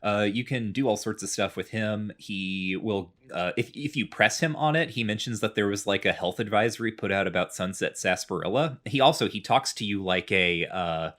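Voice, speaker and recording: A man's voice: fairly low pitch, moderate pace, hardly any pauses, a bit bright. A man in casual podcast chat, rambling through a game recap with lots of fillers. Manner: rambling, many fillers, chatty explaining. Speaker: podcast co-host.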